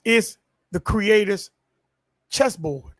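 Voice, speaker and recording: A man's voice: sits high, slow pace, a bit bright, no room sound. A man preaching a sermon in call-and-response style, stretching words and building to peaks.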